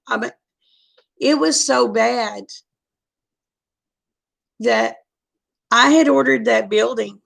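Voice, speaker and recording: A woman's voice: on the high side, slow pace, gravelly, pauses often. A middle-aged woman telling a personal story in a frank, chatty way. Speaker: vlogger. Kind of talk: casual storytelling.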